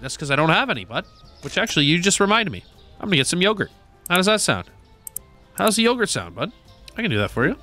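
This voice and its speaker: Lively, bright-voiced man playing a game. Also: fairly high pitch. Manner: animated, joking, swears and talks to game characters. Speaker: gaming video creator. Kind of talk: casual gameplay commentary.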